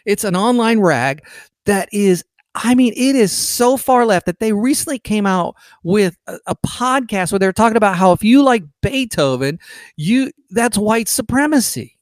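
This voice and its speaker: A man's voice: high voice, animated, normal speed, no echo, studio quality. A man hosting a podcast, talking in a sarcastic, indignant monologue, full of restarts, while sick in bed. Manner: indignant, sarcastic, mocks opponents in quoted voices. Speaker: podcast host. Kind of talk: casual political monologue.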